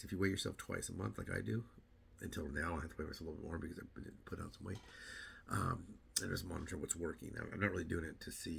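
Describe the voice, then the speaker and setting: Deep gravelly middle-aged guy rambling fast, repeats himself, faint hiss behind. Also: steady tone, fairly bright tone. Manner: rambling, repeats words, acts out other people's lines. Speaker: weight-loss vlogger. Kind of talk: casual monologue to camera.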